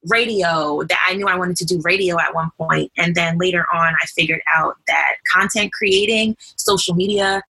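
A woman's voice: on the low side, normal speed, creaky, hardly any pauses, pushed and bright, slightly rough, poor audio. A woman in her twenties from New York, with a light New York accent, chatting as a podcast guest and telling her stories with many fillers. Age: 20s. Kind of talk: casual chat.

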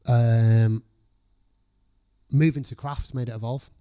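A man's voice: medium pitch, takes it slowly, clean tone. Chef guy chatting away, swears a lot, acts out his own thoughts, normal mid voice. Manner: swears freely, lively storytelling, acts out own past thoughts. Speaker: chef guest. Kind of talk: casual podcast chat.

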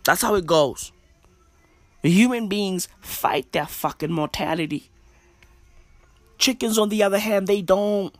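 Slow, hushed man ranting. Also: sits high, no room sound. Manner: slangy, profane, repetitive rambling. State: speaking in a hushed half-whisper. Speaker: podcaster. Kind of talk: casual rant. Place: own bedroom at home.

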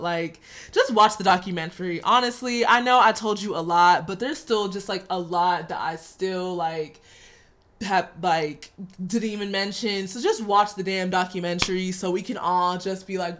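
Animated, profane woman ranting casually. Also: medium pitch. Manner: animated, swears a lot, talks straight to listeners. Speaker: podcast host.

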